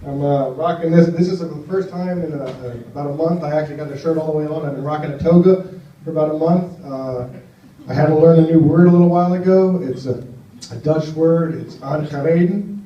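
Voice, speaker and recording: A man's voice: a little high, a little fast, slight background noise. An American man doing a stand-up comedy set in a small cafe, telling stories in a dry, offhand way with lots of fillers. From United States. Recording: echoey room, distant dull mic.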